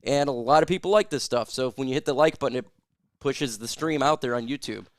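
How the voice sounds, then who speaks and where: A man hosting a casual sports live stream, chatting with viewers and whooping loudly over super chats. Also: mid-range voice, quick pace, no echo, clean studio sound. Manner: loud, hype-driven, shouting whoops at super chats.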